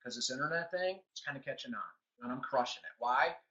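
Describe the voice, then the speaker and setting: A man's voice: medium pitch, fast talker. A middle-aged man giving a motivational business training talk, acting out conversations as he tells stories. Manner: animated storyteller acting out conversations. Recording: dull lo-fi sound.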